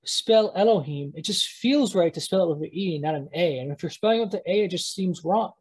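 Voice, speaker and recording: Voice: medium pitch, lively intonation, darkish tone, breathy edge, rough recording. A teacher giving a live online lesson, talking at a computer mic while screen-sharing and often stopping to correct themselves. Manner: halting, self-correcting, thinks aloud.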